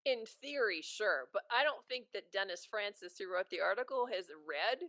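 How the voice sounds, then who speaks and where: A woman's voice: medium pitch, lively intonation, moderate pace, bright, forceful tone, no room sound. A woman co-hosting a podcast in casual chat, wry and blunt in her opinions. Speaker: podcast co-host.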